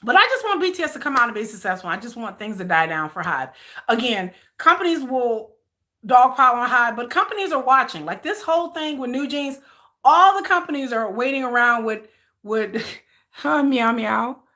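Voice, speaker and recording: Bright-voiced woman chatting on a stream. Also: fairly high pitch, very animated, moderate pace. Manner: rambling, repeats herself, reads out viewer comments. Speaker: vlogger. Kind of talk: casual livestream chat.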